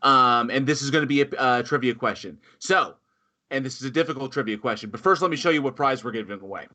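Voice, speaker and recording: A man's voice: mid-range voice, fast talker, pushed and bright. A man hosting a horror podcast livestream, loose and profane, running a trivia giveaway from his home office. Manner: swearing, scattered and laughing. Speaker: podcast host. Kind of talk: livestream chat.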